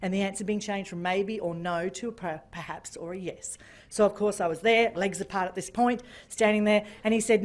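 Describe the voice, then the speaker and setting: A woman giving a keynote talk, telling a story with lively, animated delivery and acting out phone calls. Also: mid-range voice, brisk. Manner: animated, acts out phone calls in different voices. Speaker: keynote speaker. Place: function room.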